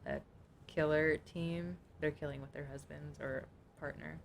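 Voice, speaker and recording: A woman's voice: deep voice, fairly even intonation, measured pace, gravelly, a little hiss or hum. A young adult woman co-hosting a podcast in casual chat, reading notes aloud in a chatty, informal way. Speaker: podcast co-host.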